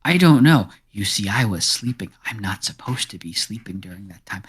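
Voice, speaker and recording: A man's voice: on the low side, expressive, normal speed, fairly bright tone, slightly rough, full character voice. A man voicing a nervous, rambling talking farm cat in a tabletop game, repeating himself as he goes. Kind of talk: tabletop role-play voice.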